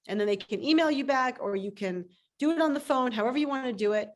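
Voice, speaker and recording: A startup coach appears as a guest on a video call interview, telling stories with plenty of energy and emphasis. Her voice is high and her pace fairly quick, and she narrates in an animated, forceful way.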